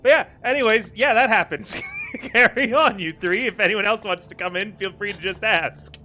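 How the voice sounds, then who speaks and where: A woman running a tabletop game as game master, lively and quick to laugh while directing players. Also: mid-range voice, dull audio, a little hiss or hum.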